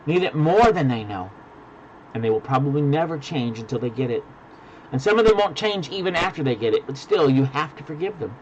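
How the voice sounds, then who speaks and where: A man preaching a sermon as pastor, dropping to hushed, deliberate lines and building to loud emphasis. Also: on the high side, expressive, lo-fi sound, a little hiss or hum. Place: virtual church service.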